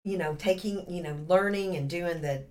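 A woman in her fifties, a podcast guest, telling a story in a lively, laughing, casual way. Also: lowish voice, normal speed. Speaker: podcast guest, real estate agent.

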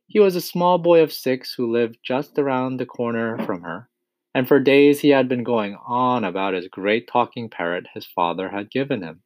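A man reading a children's storybook aloud, steady and expressive. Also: medium pitch, normal speed, no room sound. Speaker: narrator.

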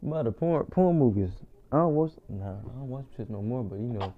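A young man in casual chat with a friend, loose and joking, quick to exclaim. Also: mid-range voice, expressive. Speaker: friend chatting. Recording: tinny phone-like recording.

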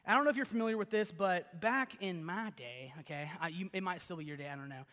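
A young man giving a casual sermon in a church, telling stories in a chatty, animated way full of "like" and "okay?". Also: sits high, quick pace. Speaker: pastor. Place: church sanctuary. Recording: long reverb of a large hall.

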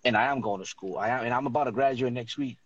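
A man's voice: medium pitch, fast, slightly rough, no room sound. A man telling heated stories in a casual group chat, swearing freely as he talks. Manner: profane, heated storytelling. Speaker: podcast guest sharing stories, bus company worker and student. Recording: dull, lo-fi sound.

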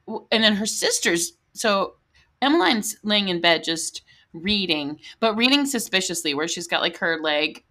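A middle-aged woman co-hosting a podcast, telling a story in casual chat, animated, with many fillers and frequent laughter. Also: mid-range voice, moderate pace. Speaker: podcast co-host.

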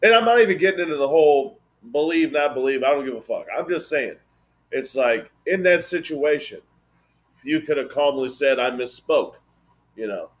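A man's voice: a little high, normal speed. A man hosting a casual podcast chat, blunt and rambling, swearing freely. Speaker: podcast host.

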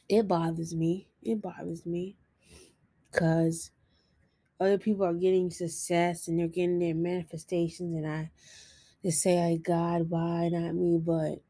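Slow, flat-voiced woman vlogging. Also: fairly low pitch, vocal fry, dry recording. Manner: earnest, self-encouraging, halting. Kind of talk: personal confessional vlog.

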